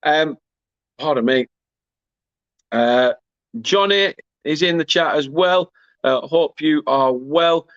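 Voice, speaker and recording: A man's voice: fairly high pitch, slow pace, long pauses, fairly bright tone, dry recording, muffled recording. Chatty man on a live stream. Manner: chatty, rambling, self-deprecating banter. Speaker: host of a football fan watchalong. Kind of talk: casual live chat, reading out viewer comments.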